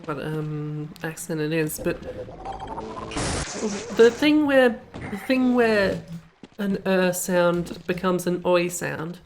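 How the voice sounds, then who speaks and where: A woman's voice: fairly low pitch, slow, a little mellow, slight background noise. A young woman streaming a game, rambling and cracking self-amused jokes as she plays. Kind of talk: casual commentary while playing.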